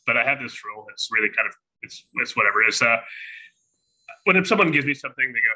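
A man's voice: mid-range voice, expressive, sharp tone, poor audio. A man, a chef guest, chatting casually and teasingly with frequent restarts. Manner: fast, laughing, teasing. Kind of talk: casual chat.

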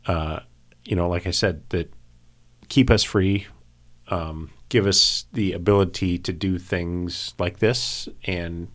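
A man with a very deep voice speaks in a steady, plain-spoken way. He sounds like a doctor chatting casually with friends on a podcast. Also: slow. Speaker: emergency physician, podcast co-host.

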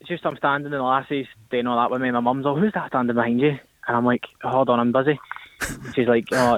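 A man's voice: mid-range voice, no echo. A young caller on a tinny phone line, telling a story with lots of energy. He acts out the voices of the people in it, and the sound is thin and dry. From Northern Ireland.

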